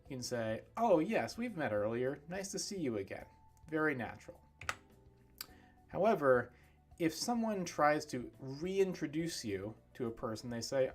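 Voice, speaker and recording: A man teaching English pronunciation on a livestream, demonstrating sounds slowly and clearly. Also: medium pitch, very animated, faint music behind. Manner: slow, clear over-articulated demonstrations.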